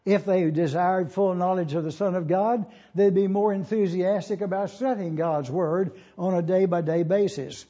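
A pastor teaching a Bible lesson, spelling out words letter by letter and repeating key phrases slowly. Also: male voice, high voice, fairly even intonation, warm tone. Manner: slow, deliberate, spells out Greek words letter by letter. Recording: dull lo-fi sermon recording.

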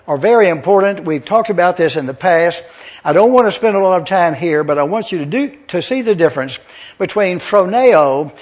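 A male pastor teaching scripture to an evening congregation, slowly spelling out words letter by letter so listeners can take notes. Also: high-pitched. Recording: dull lo-fi sermon recording.

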